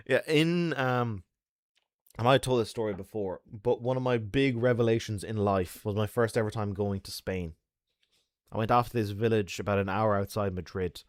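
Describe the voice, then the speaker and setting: A man's voice: lowish voice, dry recording, clean studio sound. A man streaming games, chatting casually with viewers and telling stories full of sound effects and swearing. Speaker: game streamer.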